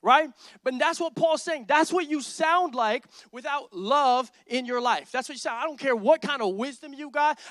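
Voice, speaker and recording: Man, lead pastor, sermon, emphatic and repetitive, very high pitch, dry close sound. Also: no echo. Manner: energetic, emphatic preaching with repetition and rising intensity. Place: church sanctuary.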